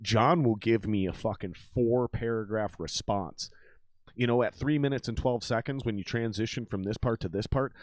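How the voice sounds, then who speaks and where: A man hosting a podcast in a casual, animated, profane talking style. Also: fairly low pitch, no echo, clean studio sound. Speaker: podcast host.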